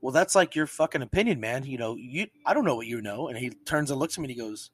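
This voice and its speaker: A man's voice: medium pitch, quick pace, hardly any pauses, slightly rough, dry recording. A man co-hosting a podcast, chatting casually and telling work stories. He swears a lot and acts out the other people in them. His voice is close and dry. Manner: swearing, animated storytelling with quoted voices. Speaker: podcast co-host. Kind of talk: casual chat.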